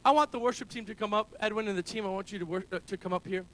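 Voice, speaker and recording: A man preaching a sermon as pastor, calling out to the congregation for amens and rising to shouts. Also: high-pitched, very fast. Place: church service held in a school building.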